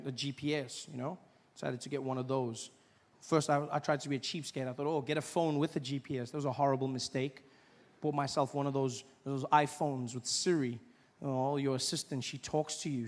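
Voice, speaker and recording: A young man from Africa, performing an animated stand-up routine in a live venue and breaking into shouted voices. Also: a little high, in a large hall. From South Africa. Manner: animated, acts out voices with sudden shouts and laughs. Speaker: stand-up comedian. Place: live comedy venue with audience.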